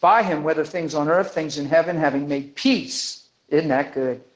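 A man preaching a sermon, telling a story with lively energy and acting out the people in it. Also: on the high side, normal speed, poor audio. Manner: animated, acts out the people in his stories.

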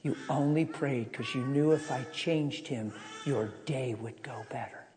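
God, a calm male spirit, speaks in a low hushed voice with slow, measured phrasing, as a preacher puts him on. A long reverb trails each line. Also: lightly acted. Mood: gentle.

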